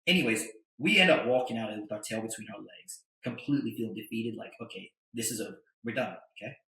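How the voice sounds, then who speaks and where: A middle-aged man tells a story as a podcast guest and acts out the voices of the people in it. His voice is bright and forceful. The room echoes around him. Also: fairly low pitch, quick pace, creaky. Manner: animated storyteller, acts out quotes. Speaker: guest, attorney and entrepreneur.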